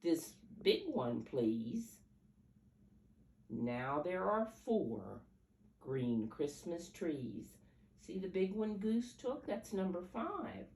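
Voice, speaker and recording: A woman's voice: fairly low pitch, big pitch swings, slow pace, vocal fry, a little mellow. An older woman reading picture books aloud to small children in a coaxing, teacher-like way, counting along and asking them questions. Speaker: storyteller for preschoolers. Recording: roomy echo, mic at a distance, faint background hum.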